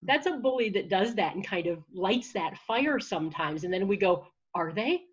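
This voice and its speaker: Woman, confidence coach, encouraging, energetic, husky voice, dull lo-fi video call sound. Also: mid-range voice, normal speed. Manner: energetic, encouraging, with frequent restarts. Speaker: confidence and public speaking coach. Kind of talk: conversational interview answer.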